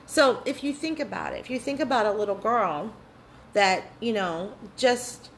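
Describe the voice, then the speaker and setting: Earnest woman, repeats phrases, swears freely, mid-pitched, faint background noise. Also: lively intonation, normal speed, low-quality recording. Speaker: spiritual workshop host. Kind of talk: live online workshop talk.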